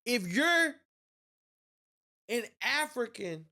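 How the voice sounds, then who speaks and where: A man hosting a reaction video, talking in a loud, heated and mocking way. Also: extremely high pitch, big pitch swings, drawn-out words. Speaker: host reacting to a clip. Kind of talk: casual reaction commentary.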